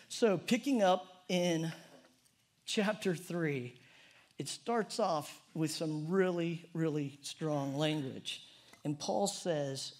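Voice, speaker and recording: A middle-aged man preaching a conversational, humorous sermon in a church. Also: takes it slowly. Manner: conversational and humorous, prayer drops soft and low. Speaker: pastor.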